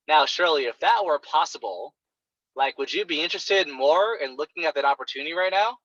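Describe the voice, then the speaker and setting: Animated male sales coach, bright lo-fi voice. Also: fairly high pitch, brisk, no echo. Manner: animated, acts out clients' reactions. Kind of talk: coaching talk on a call. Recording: dull, lo-fi sound.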